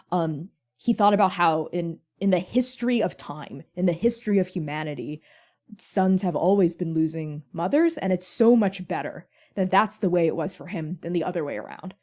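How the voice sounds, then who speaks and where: A woman's voice: lowish voice, a little fast, dark tone. A woman speaking on a convention panel in a casual, earnest way, full of "like" fillers. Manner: chatty, frequent "like" fillers, earnest.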